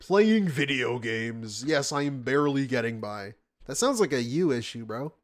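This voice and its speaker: A man's voice: mid-range voice, fairly quick. A man reacting to stream clips with sarcastic, incredulous commentary and frequent swearing. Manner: mocking, incredulous, swears often.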